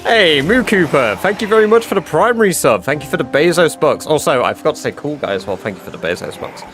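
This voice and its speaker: A man's voice: a little high, very animated, fast talker, a bit bright, soft background music. A man from Scotland chatting casually with viewers on a live gaming stream and thanking supporters.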